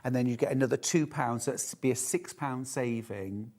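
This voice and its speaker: A man's voice: medium pitch, normal speed, a little mellow. A man in his fifties presenting a live TV shopping show, chatty and teasing as he sells. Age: 50s. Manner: jokey, teasing, upbeat selling.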